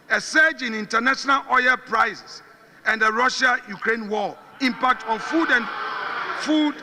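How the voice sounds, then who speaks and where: A man with a Ghanaian English accent gives a parliamentary debate speech in a very high, extremely forceful voice, pressing his points with repetition. His words ring with long reverb in a large chamber. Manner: forceful, combative oratory, repeating phrases for emphasis. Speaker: parliamentary minority leader.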